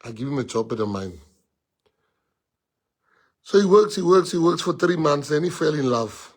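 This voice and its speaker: Husky South African man with a raised voice, animated storyteller in an interview. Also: on the high side, normal speed. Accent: South African, mixing in Afrikaans. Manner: animated, switches between English and Afrikaans. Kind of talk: casual anecdotal storytelling.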